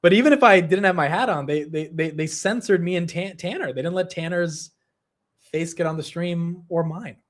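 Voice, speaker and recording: A young man hosting a live stock market stream, chatting casually and laughing at himself. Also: on the high side. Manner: self-deprecating, quick-shifting, laughs at himself.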